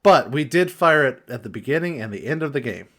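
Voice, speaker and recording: A man's voice: mid-range voice, expressive, brisk, fairly bright tone. A man in casual chat as a player, laughing easily.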